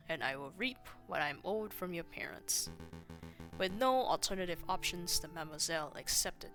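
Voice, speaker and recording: A woman reading a suave male fox schemer aloud from a game, smooth and grandiose. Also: lowish voice, sharp tone.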